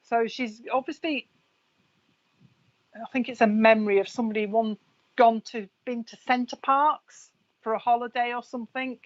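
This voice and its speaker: A woman giving a live mediumship reading in a fairly high voice. She chats easily, passes on messages to viewers by name and laughs often. The stream audio sounds dull and lo-fi. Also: fairly even intonation, moderate pace, pauses often. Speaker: psychic medium.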